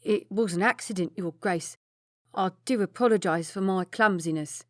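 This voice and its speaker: A woman's voice: medium pitch, moderate pace, no echo, clean studio sound, close to an everyday voice. A woman voicing a nervous, humble male servant who speaks hesitantly and apologetically. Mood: contrite.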